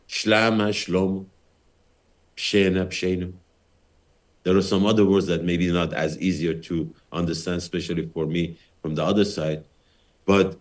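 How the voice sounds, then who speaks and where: A man hosting a TV program, talking straight to the viewers in a preachy way, posing rhetorical questions with emphatic rises. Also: fairly low pitch. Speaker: TV program host. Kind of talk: talking to camera, commentary.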